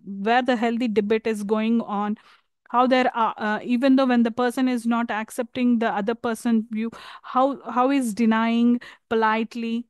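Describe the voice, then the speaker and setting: A woman from India with an Indian English accent, giving a university lecture on English communication skills, pausing often with fillers and restarts. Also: on the high side, darkish tone, clear, resonant tone, no echo. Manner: hesitant, many fillers and restarts.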